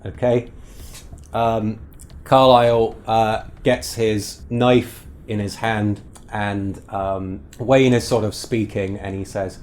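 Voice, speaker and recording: Slow, low-voiced man narrating a tabletop game. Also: faint music behind. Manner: relaxed, halting with fillers. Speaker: game master.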